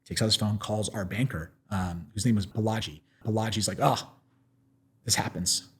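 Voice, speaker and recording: An American man telling stories in a casual, animated way, full of fillers and restarts, and laughing often. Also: on the low side, fairly quick, husky. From United States. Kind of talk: casual anecdotal storytelling.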